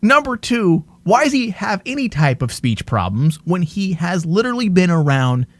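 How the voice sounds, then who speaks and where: Animated, ranting man podcast host. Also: high voice, moderate pace, no room sound. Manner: exasperated, ranting, swears, laughs often. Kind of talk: casual TV review chat.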